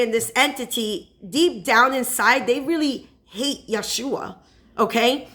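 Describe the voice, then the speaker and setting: A woman's voice: high voice, fairly bright tone. Woman preaching casually to her viewers. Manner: checks in with listeners with repeated "okay?". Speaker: spiritual advisor.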